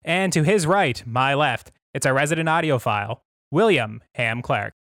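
A man opens his podcast with polished, upbeat patter. His voice is middle-pitched. The sound is dry and close with no room echo. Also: animated, normal speed, a bit bright. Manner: upbeat, practiced announcer patter. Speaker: podcast host. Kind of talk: podcast intro.

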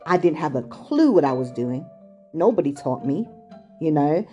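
A middle-aged British woman tells a loose, chatty story about her childhood, wandering off on side tracks. Her voice sits low and sounds warm and dark. Faint music plays softly behind her. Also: very animated, normal speed, dull audio. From England, also raised in Chicago. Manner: chatty, digressive, many "like" and "you know". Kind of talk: casual storytelling monologue.

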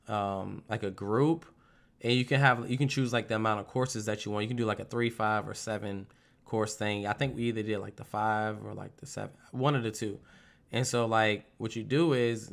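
A young man in casual chat, telling animated, profane stories and acting out the people in them. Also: lowish voice, creaky. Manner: animated, profane storytelling with lively put-on quotes.

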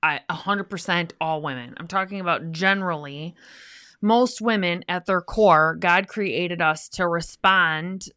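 A woman's voice: lowish voice, unhurried, clear, resonant tone, dry recording. Wordy woman co-hosting a marriage podcast, dry sound. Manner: wordy, emotional, animated when she acts out friends. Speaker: podcast co-host. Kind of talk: casual faith-based marriage talk.

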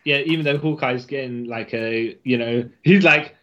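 A man in casual chat, excitable, laughing a lot and acting out characters' lines. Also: medium pitch, normal speed, highs cut off. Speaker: podcast co-host.

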